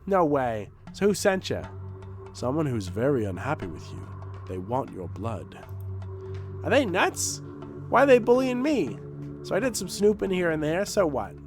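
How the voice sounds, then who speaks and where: A man's voice: on the high side, wildly swooping pitch, normal speed, faint music behind. A man voicing a cocky young boy in a video game, whiny and evasive as he pleads his case while reading the dialogue aloud. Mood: defiant. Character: cocky young boy, defensive double agent.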